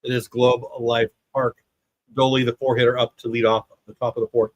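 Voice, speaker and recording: Reading chat aloud and rambling between plays, a 50-something man from the United States runs a casual baseball watch-party stream. He speaks briskly in a level, mid-range voice; the audio is dull but free of room sound.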